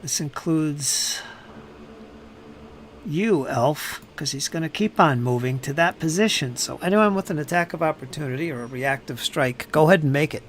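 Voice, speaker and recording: A man narrating and running a tabletop game as game master, calm and matter-of-fact. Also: a little high, normal speed, slight background noise.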